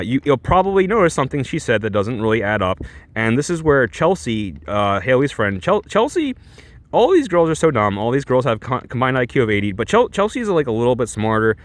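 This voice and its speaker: A man's voice: mid-range voice, fairly bright tone. A man ranting sarcastically in a reaction commentary, exasperated and full of restarts. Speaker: commentary YouTuber.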